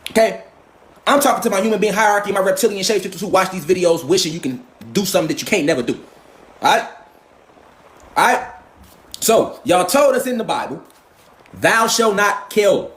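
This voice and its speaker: A man in a profane, confrontational ranting monologue, firing rhetorical questions. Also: high-pitched. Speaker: commentator.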